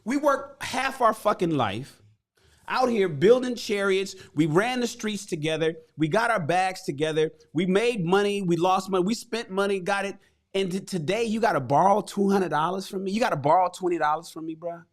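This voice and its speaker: A man's voice: high voice, moderate pace, close to an everyday voice. A man voicing a frustrated working-class chariot builder, retelling a parable in profane street slang. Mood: exasperated.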